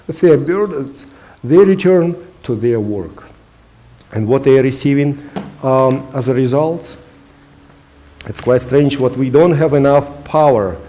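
A man's voice: mid-range voice, mellow. A man preaching a sermon in English, which is not his first language, earnest and emphatic with frequent hesitations. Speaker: pastor.

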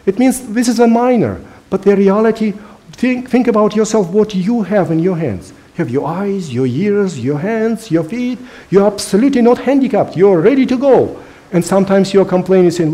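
A man's voice: high-pitched, moderate pace, mellow. A man preaching a sermon in English, which is not his first language, earnest and emphatic with frequent hesitations. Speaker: pastor.

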